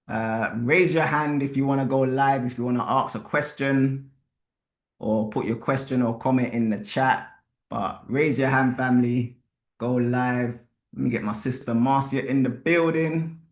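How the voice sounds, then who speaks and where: A man hosting a live podcast, talking bluntly and with animated slang. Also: mid-range voice. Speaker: podcast host. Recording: roomy echo.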